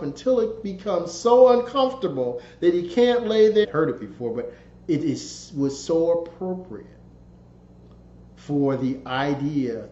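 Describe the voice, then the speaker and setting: A man narrating his own book in a conversational storytelling way, relaxed and folksy, with restarts and repeated phrases. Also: fairly high pitch, roomy sound, muffled recording, a little hiss or hum.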